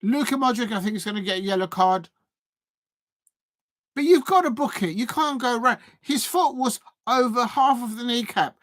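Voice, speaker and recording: A man hosting a live football watch-along, chatting with viewers and getting excitable, even shouting, at big moments in the match. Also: extremely high pitch, normal speed, dry recording. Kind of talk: live match reaction and chat.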